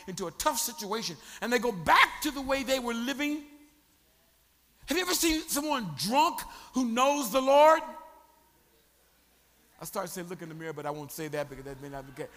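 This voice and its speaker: A man preaching a sermon as pastor, animated, joking and calling on the congregation to respond. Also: very high voice, long reverb tail. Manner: animated preaching with crowd prompts and humor.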